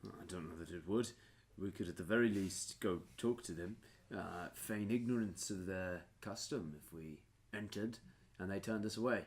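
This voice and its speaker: A man's voice: sits low, normal speed, hardly any pauses. A man in a tabletop role-play game, speaking formally and piously as a priest character. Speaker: player voicing a priest character.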